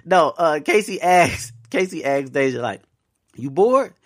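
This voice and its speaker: Animated preachy podcast host, man. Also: on the high side, a little slow. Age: adult parent. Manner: animated, preachy, laughs often, slangy; repeats phrases for emphasis, talks straight to listeners. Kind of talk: casual motivational monologue.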